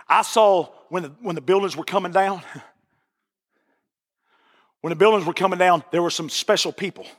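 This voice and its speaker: A man preaching a sermon in a church with passion, repeating phrases for emphasis and rising to shouts at the peaks. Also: high-pitched, fast. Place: church sanctuary. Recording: long reverb of a church hall.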